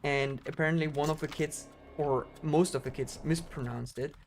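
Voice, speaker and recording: A man's voice: fairly high pitch, steady tone, moderate pace, slight background noise. A man with a German accent, chatting casually to his audience in a rambling way while he livestreams a game. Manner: rambling, chatty, frequent "like" fillers. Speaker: speedrunner streamer. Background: game music.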